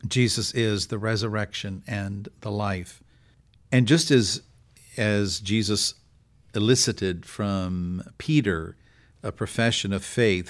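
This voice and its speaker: A middle-aged bishop reads the gospel in a steady, fairly low voice. When he moves on to reflect, he keeps an even, measured delivery and pauses with fillers as he gathers his thoughts. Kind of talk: scripture reading and reflective discussion.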